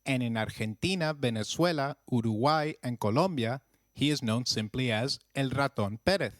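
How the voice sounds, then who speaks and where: A man narrating a scripted language lesson with slow, clear, encouraging drills. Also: mid-range voice, no room sound, studio quality. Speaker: language teacher.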